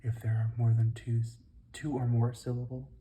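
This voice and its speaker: An ASMR host softly whispering through a study session, carefully sounding out each word. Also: medium pitch, little pitch movement, slight background noise. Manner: slow, soft, carefully sounding out words.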